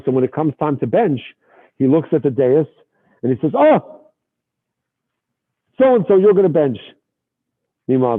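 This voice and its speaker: A man teaching a Torah lesson as an animated storyteller, sprinkling in Yiddish and Hebrew terms, heard over a tinny line. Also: medium pitch. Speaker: rabbi teacher.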